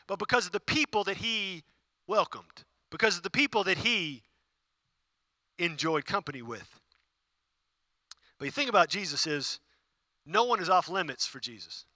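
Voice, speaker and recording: A high-voiced man delivers a sermon with a very bright, ringing tone, recorded dry and close. He keeps a chatty, animated delivery, climbing in pitch and volume when he drives a point home. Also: no echo. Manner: animated preaching, rising in pitch and volume for emphasis; jokes with the congregation. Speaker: pastor.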